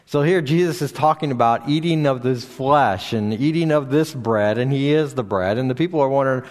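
A man preaching a sermon and reading scripture aloud, often restarting his sentences, and going higher in pitch when he stresses a point. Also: a little mellow. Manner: halting, with frequent restarts and fillers; rises in pitch for emphasis when paraphrasing. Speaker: pastor. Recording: long hall reverb.

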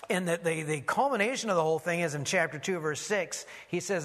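A man with a high, bright voice preaches a sermon, leaning hard on key words and sinking low and hushed for warnings. His voice rings out through a church hall with a long reverb. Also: sing-song, a little fast. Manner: emphatic, drops low and quiet for warnings, calls for congregation response. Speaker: pastor.

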